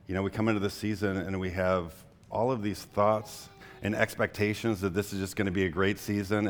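A young adult man preaching a sermon as a pastor, in a relaxed conversational way, full of fillers, telling personal stories. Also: on the low side. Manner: conversational, frequent "like" fillers, storytelling. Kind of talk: casual sermon.

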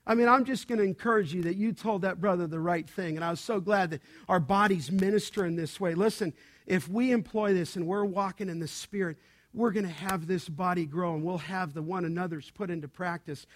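A middle-aged man delivers a sermon from the pulpit in a high-pitched voice. He talks with animation, dropping to quiet asides and then rising to loud, emphatic bursts. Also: brisk. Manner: animated, swings from soft to loud. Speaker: pastor.

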